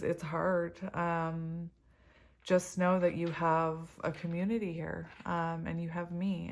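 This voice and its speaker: With a low voice, she reads tarot casually for her audience, touching on spiritual love and energy. Tears and emotion mix with frequent laughter.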